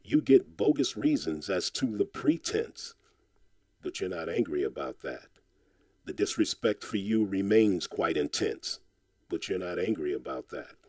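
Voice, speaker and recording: A man's voice: low voice, very animated, measured pace, darkish tone, breathy edge, no room sound. A man reciting a spoken-word poem in a rhythmic, insistent, impassioned way, returning again and again to a refrain. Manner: impassioned, exhorting tone.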